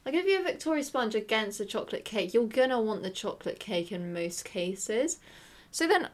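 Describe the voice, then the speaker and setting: Chatty teenage girl with a lively voice. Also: on the high side, moderate pace. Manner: chatty, laughing, self-interrupting. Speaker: podcast co-host. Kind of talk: casual chat.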